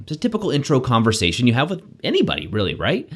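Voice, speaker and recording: Male life-coach host, energetic and chatty, animated intonation, motivational delivery. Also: mid-range voice, racing. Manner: energetic, conversational, frequent "right?" asides. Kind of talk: motivational self-help talk.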